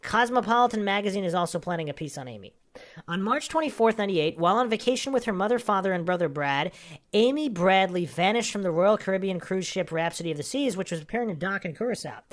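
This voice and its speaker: A woman's voice: mid-range voice, expressive, fast talker. A woman hosting a true crime podcast, casually talking through a case and reading a magazine article aloud with brief asides. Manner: casual, with asides between read passages. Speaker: podcast host.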